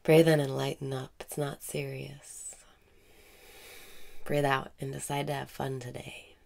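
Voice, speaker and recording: A woman with a very deep voice leads a guided meditation, calm and unhurried. Her tone is heavy with vocal fry, and her delivery often sinks into a breathy half-whisper between the spoken prompts.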